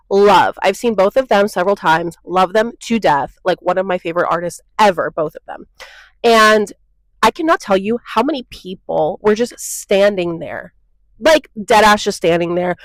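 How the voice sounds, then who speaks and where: A young woman talks straight into her phone, blunt and exasperated as she rants her opinions. Her voice sits at a middling pitch, and the sound is dry and close with no room around it. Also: no room sound, poor audio. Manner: blunt and exasperated, lots of "like" and "okay?". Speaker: vlogger. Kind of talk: casual opinion rant to camera.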